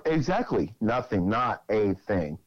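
A man's voice: on the low side, very animated, slow, no echo, dull audio. A man on a Christian podcast who talks plainly and wryly, quoting scripture. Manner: plain-spoken, wry, quotes scripture. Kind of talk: casual faith podcast chat.

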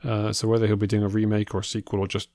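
A man's voice: on the low side, completely flat delivery, racing, darkish tone, no room sound. A man co-hosting a casual film podcast, talking in a dry, hesitant way with many uh's and restarts. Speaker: podcast co-host. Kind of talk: casual film news chat.

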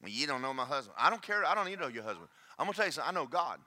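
A man preaching a sermon, emphatic and folksy, often shouting to the congregation in a church. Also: mid-range voice, big pitch swings, rapid-fire.

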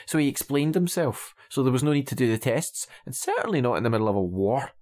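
A man's voice: mid-range voice, animated, quick pace, darkish tone. Exasperated, sarcastic man critiquing a film. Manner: exasperated and sarcastic, keeps asking "okay?" and "right?"; swears casually. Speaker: podcast co-host. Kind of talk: casual film critique chat.

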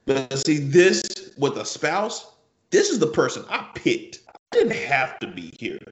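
A man's voice: on the high side, huge pitch swings, a little slow, reverberant, lo-fi sound. A man co-hosting a casual podcast chat, rambling through hypotheticals and repeating his words. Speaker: podcast co-host.

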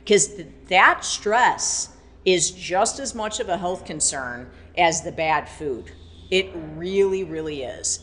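A woman with a somewhat low voice talks through faith and wellness in a loose, chatty way. She rambles with plenty of fillers and jumps into animated quoted voices. She speaks as a fitness trainer. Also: a little hiss or hum. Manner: animated, acts out quoted speech. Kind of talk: casual faith-based podcast talk.

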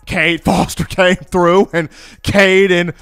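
A man giving sports talk commentary, an animated storyteller who acts out the fans he describes. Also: high-pitched, slow pace, clear, resonant tone. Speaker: football commentator.

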